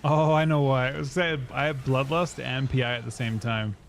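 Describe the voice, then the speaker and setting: A man's voice: mid-range voice, steady tone, normal speed, gravelly, slight background noise. A young man streaming a video game, thinking aloud and swearing casually to his chat. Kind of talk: casual live-stream commentary.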